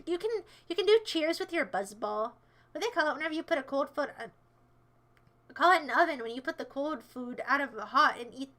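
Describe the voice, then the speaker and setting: A woman's voice: high voice, sharp tone. A woman livestreaming in casual chat, answering viewers in a playful, sassy, rambling way.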